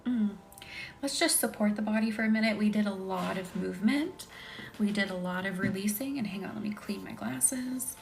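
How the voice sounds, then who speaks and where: A woman leading a live energy-healing session, calmly guiding affirmations, slipping into soft whispers and chatting with viewers from home. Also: medium pitch, moderate pace, creaky, noisy background. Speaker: Reiki healer. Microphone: phone on a live stream. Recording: music playing behind.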